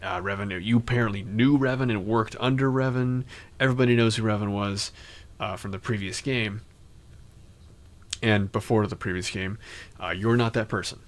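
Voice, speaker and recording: A man's voice: on the low side, fairly even intonation, moderate pace. A young man hosting casual game commentary, chatty and rambling, who often jumps into mock voices. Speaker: gaming channel host.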